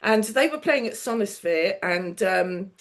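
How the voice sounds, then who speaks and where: A woman's voice: medium pitch, animated, unhurried. A middle-aged woman, a television producer on as a guest, telling anecdotes in a casual chat, laughing often and acting out the people she quotes.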